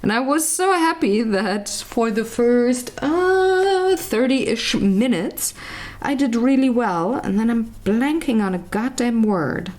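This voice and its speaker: This colouring vlogger has a slightly high, darkish voice and speaks slowly but with animation. She chats casually as she colours, rambling, hunting aloud for words, and poking fun at herself along the way.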